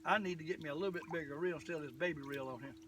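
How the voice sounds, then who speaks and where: A slightly high, racing voice belongs to an older fishing vlogger chatting on a boat outdoors. In his folksy, rambling way he calls himself the old fisherman, heard through a distant camera mic with faint background noise.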